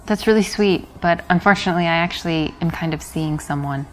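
A woman's voice: fairly low pitch, fairly quick, lightly acted, rough recording. A woman playing an unimpressed young woman. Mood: apologetic. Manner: dry, blunt, polite refusals. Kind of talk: live-action game acting.

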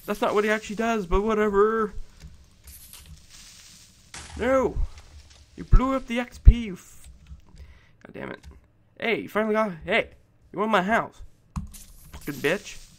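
A man giving let's play commentary, excitable and profane, shouting at game monsters. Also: sits high, unhurried, pauses often, slight background noise. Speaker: gameplay commentator.

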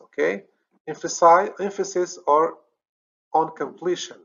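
A man's voice: medium pitch, moderate pace, fairly bright tone. Moroccan man teaching grammar, lo-fi. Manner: explains step by step, checks understanding with "okay?", corrects himself. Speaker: English teacher. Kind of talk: recorded grammar lesson.

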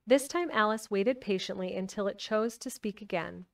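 A woman's voice: medium pitch, moderate pace, vocal fry, recorded from a distance. A woman streaming a live book reading, narrating and chatting casually with her viewers. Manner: chatty, laughs often. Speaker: streamer reading a novel aloud.

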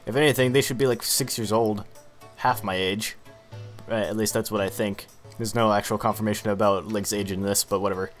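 A man's voice: on the low side, fairly even intonation, fairly quick, soft background music. Casual young man narrating gameplay. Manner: casual, self-mocking, rambling. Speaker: gamer. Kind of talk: let's play commentary.

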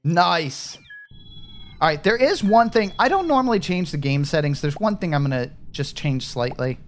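A man's voice: on the high side, animated, normal speed, slight background noise. A man casually commenting on a party game with friends, rambling and thinking aloud as he plays. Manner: rambling, thinks aloud, trails off mid-thought. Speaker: gaming streamer.

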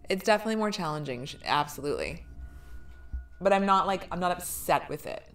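A woman's voice: lowish voice, expressive, a little fast, a bit bright. A woman streamer talking casually with her viewers, joking and swearing freely.

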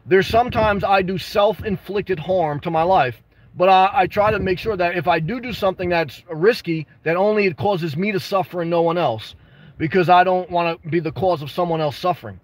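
A man hosting a casual livestream, answering viewer comments with blunt, jokey advice and bursts of excitement. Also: sits high, fairly quick. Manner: reads and responds to viewer comments. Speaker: livestream host answering chat.

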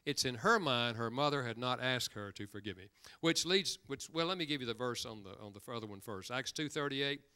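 A man's voice: mid-range voice, lively intonation, fairly quick, pushed and bright, clear, resonant tone. An older man preaching a sermon, telling stories and acting out the quoted voices of the people in them. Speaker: pastor.

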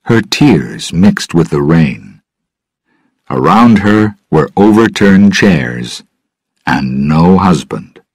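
A man slowly narrating a graded-reader story for English learners. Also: low voice, big pitch swings, no room sound.

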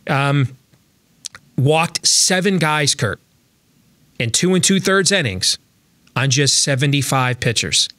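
A man's voice: a little high, expressive, slow pace, long pauses, sharp tone, no echo. A man hosting a sports talk show, chatting casually about baseball with lots of fillers and restarts.

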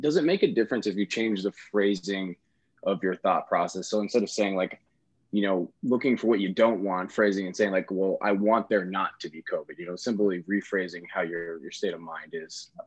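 A man's voice: sits low, brisk, breathy edge. A man calling in to ask a question, hesitant and rephrasing himself with frequent ums. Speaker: caller asking a question. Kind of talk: casual question to a guest. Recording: dull lo-fi audio.

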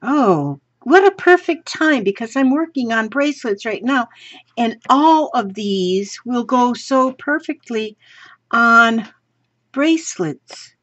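A woman chatting to viewers from her home craft room, gushing and excitable as she shows craft supplies. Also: on the high side, takes it slowly, no echo. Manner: gushing and excitable, talks to viewers while handling items. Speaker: craft vlogger. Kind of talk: casual unboxing chat. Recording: slightly dull lo-fi sound.

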